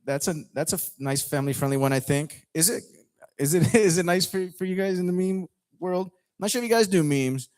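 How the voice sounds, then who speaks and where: A man's voice: sits high, brisk, darkish tone. A man hosting an open mic comedy night, bantering playfully with the crowd on a lounge stage mic. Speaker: host.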